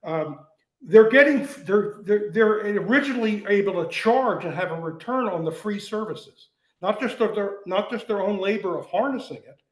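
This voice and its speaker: Older male guest, higher register, animated storyteller who restarts a lot; roomy echo on the recording. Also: moderate pace. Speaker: guest, writer. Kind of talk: conversational discussion.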